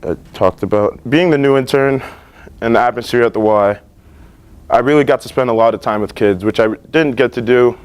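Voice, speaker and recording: A man's voice: medium pitch, a little fast, clear, resonant tone. Young man giving a class presentation. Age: teens. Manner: relaxed and earnest, with many fillers and restarts. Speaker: student presenter. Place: school library.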